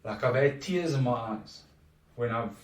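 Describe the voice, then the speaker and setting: A man's voice: mid-range voice, animated, a little slow. Earnest man in an echoey room. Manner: reflective, earnest, with frequent restarts. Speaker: podcast guest. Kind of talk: casual conversation. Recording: echoey room, distant from mic.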